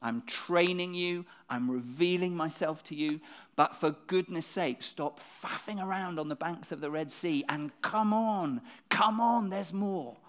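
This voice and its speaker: Quick preacher asking rhetorical questions. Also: mid-range voice. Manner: repeats words when restarting. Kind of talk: sermon.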